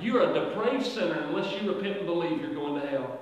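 High-voiced preacher in an echoing hall. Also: male voice, animated. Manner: preaching with strong swings from quiet to loud, drawn-out emphatic phrases. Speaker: pastor. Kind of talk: sermon. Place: church sanctuary. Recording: echoey church hall from far off.

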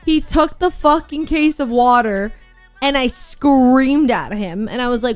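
A woman's voice: on the high side, normal speed, faint music behind. Chatty young woman telling stories on stream. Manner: chatty, animated storytelling, frequent "like". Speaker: streamer co-host. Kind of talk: casual live-stream chat.

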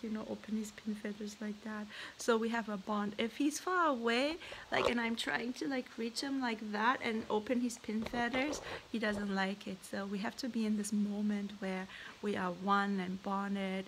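A woman's voice: on the high side, vocal fry, slight background noise, poor audio. A woman with a German accent, a native German speaker from Germany, chatting casually on a live stream, reading viewer comments aloud and laughing often. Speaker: parrot vlogger hosting a live stream.

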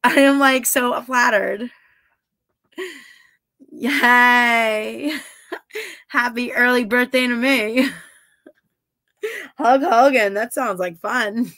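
A woman's voice: on the high side, very slow, long pauses, pushed and bright, dry recording, clean studio sound. A woman chatting casually on a livestream, giggling and flirting as she reads and answers her viewers' comments. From half Italian heritage. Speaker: livestreamer reading chat.

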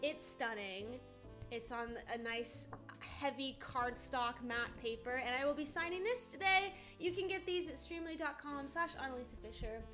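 A woman's voice: high-pitched, normal speed, fairly bright tone, faint music behind. A woman who voices characters, hosting a live autograph stream in bubbly, gushing casual chat.

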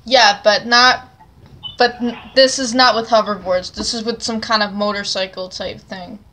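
A woman's voice: medium pitch, steady tone, normal speed, bright, forceful tone, slight background noise. A young woman hosting a casual chat, rambling with lots of fillers and talking with enthusiasm. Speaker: channel host.

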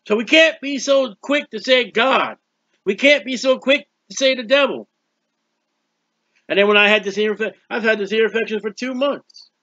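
A man's voice: high-pitched, normal speed, no echo, highs cut off. A man preaching a sermon, reading scripture aloud and explaining it, drawing out words for emphasis. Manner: expressive Bible reading with commentary, stretches words.

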